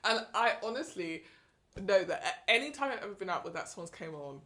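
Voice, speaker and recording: A woman in her thirties chatting on a podcast, her pitch leaping up and down as she talks. She laughs a lot and breaks into excited high bursts. Her tone is casual and her speaking pitch sits mid-range. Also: brisk. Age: 30s. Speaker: podcast co-host. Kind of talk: casual chat.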